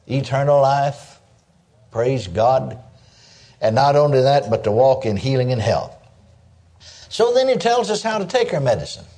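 In a warm, mellow voice that's fairly high for a man, an older preacher gives a sermon. He keeps it homey and animated, dropping in asides of praise as he makes his points.

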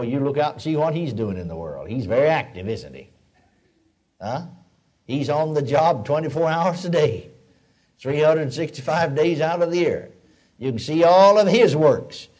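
A man's voice: on the high side, a little mellow. Older man preaching a folksy sermon. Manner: folksy storytelling preaching, rising to emphatic declarations.

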